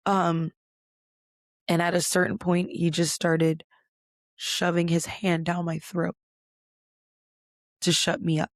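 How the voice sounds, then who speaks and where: A woman's voice: on the low side, monotone, slow pace, long pauses, no echo, studio quality. A young adult woman hosting a podcast, telling a personal story in a candid, conversational way with frequent fillers and the odd swear word. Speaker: podcast host.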